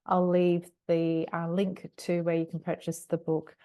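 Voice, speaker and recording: A woman's voice: fairly low pitch, completely flat delivery, a little slow, warm tone. Woman promoting her own book. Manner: apologetic, informal. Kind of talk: spoken self-promotion.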